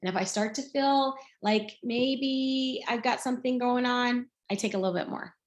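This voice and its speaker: A woman's voice: fairly high pitch, moderate pace, roomy sound. A woman in her sixties from Middle Tennessee, speaking as a guest on a video call and telling her story in a chatty way, with many fillers and restarts. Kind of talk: casual testimonial on a video call.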